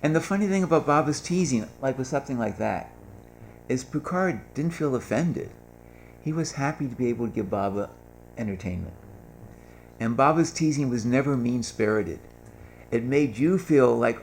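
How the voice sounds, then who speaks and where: Speaking at a gathering at a moderate pace, an older man with a medium-pitched voice shares funny stories and performs the voices of those he quotes. A slight hiss or hum sits under the audio.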